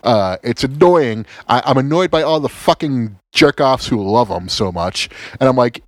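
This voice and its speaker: A man in a loose, profane rant, full of sarcasm and quick restarts. His pitch swings widely as he gets worked up, and the sound is dry and close with no room around it. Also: no room sound. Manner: animated, sarcastic, swears a lot, stammers and restarts.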